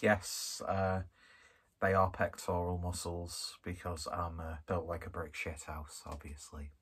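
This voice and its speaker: A man's voice: sits low, level tone, measured pace, slightly rough. A man, from northwest England, chatting through a casual beer review in a rambling, self-deprecating, jokey way. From Skelmersdale, northwest England.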